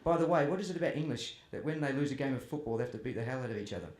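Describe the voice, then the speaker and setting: A man's voice: mid-range voice, lively intonation, very fast, darkish tone. A man telling humorous stories about his family to a festival audience, chatty and self-deprecating. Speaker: author speaking at a festival. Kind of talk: humorous storytelling to a live audience. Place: festival tent or hall with audience. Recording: roomy hall with faint ambience.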